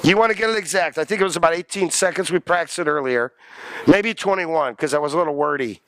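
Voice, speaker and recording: A man's voice: fairly high pitch, fast. A man lecturing a college class, joking and quizzing his students. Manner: animated, jokey, asks the class questions.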